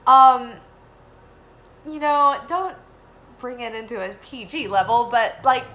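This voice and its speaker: A young woman giving a casual spoken reading and telling a personal story, rambling with many fillers and turning animated when she quotes people. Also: on the high side, slow, low-quality recording. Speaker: tarot reader.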